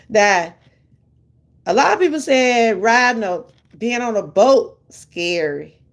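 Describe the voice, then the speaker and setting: A woman's voice: a little high, lively intonation, slow. An older woman with a Southern US accent, chatting casually with her live viewers and laughing often. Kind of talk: casual live-stream chat.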